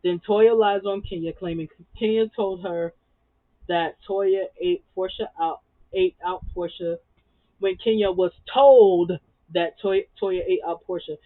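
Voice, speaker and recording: A man's voice: high voice, fairly even intonation, measured pace, no room sound. A man giving a casual, sassy reality TV recap, full of slang and repeated words for emphasis. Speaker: TV recap vlogger. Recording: dry tinny phone-like sound.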